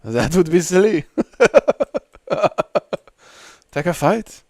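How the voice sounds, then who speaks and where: A man's voice: on the high side, big pitch swings, takes it slowly, gravelly, darkish tone, no echo, studio quality, exaggerated voice. A man putting on a smug mock-French fighter. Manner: broken clipped English, self-satisfied. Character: smug French fighter who avoids opponents, adult man.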